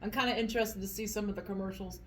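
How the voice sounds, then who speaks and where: A woman's voice: medium pitch, fairly even intonation, very fast, slight background noise, poor audio. A woman hosting a casual eating vlog, chatting in a rambling way with fillers while she eats at home. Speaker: vlog host. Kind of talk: casual chat at the dinner table.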